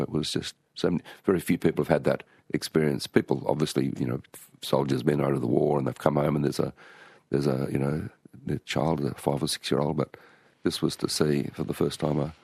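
A man's voice: extremely low pitch, vocal fry, a little mellow, husky, no echo, clean studio sound. An older Australian man, an author being interviewed, telling stories in a rambling way with many restarts. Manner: rambling, with frequent restarts and storytelling. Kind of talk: relaxed conversational interview.

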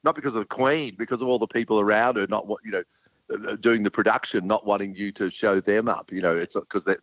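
A middle-aged comedian telling lively backstage anecdotes as a guest in an interview. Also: male voice, lowish voice, fast, no echo. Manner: animated anecdotal storytelling with laughs. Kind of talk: storytelling interview. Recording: dry, dull lo-fi line.

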